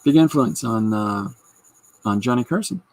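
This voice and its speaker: Husky man chatting casually. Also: medium pitch, lively intonation, moderate pace, a little mellow. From Canada. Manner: chatty, rambling, reads out viewer comments. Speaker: podcast host. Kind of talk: casual livestream chat.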